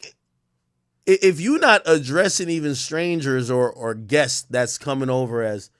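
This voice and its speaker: A man hosting a livestream, ranting in profane, animated commentary that swings from loud outbursts to low muttering. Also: measured pace, smooth, no echo, studio quality. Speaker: livestream host.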